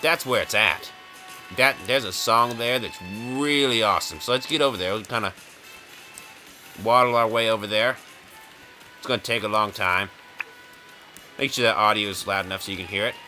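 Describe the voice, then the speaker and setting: A man's voice: on the low side, moderate pace, pauses often, sharp tone, faint music behind. A man casually commenting while playing a video game, rambling and jokey, chuckling often. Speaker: gaming video host. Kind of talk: casual let's-play commentary.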